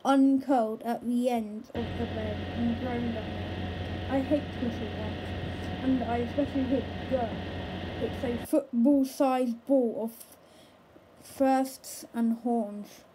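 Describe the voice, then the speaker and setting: A woman reading a children's book aloud in a slow, careful way, with occasional small stumbles over words. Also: a little high, fairly even intonation, background noise. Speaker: storybook reader.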